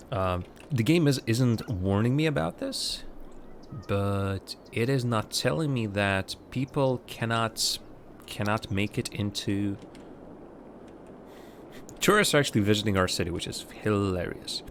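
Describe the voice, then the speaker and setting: A man's voice: lowish voice, very animated, normal speed, a bit bright, a little hiss or hum. A man from Latvia, a native Russian speaker, doing live gameplay commentary, thinking aloud and chatting to viewers between game remarks. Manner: thinks aloud, rambling with fillers and restarts. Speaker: livestreamer.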